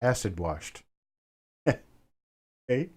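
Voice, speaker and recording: A man's voice: mid-range voice, very animated, extremely slow, darkish tone, slightly rough. A middle-aged man hosting a live coin auction stream, casually chatting with viewers and answering their comments by name. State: a bit winded.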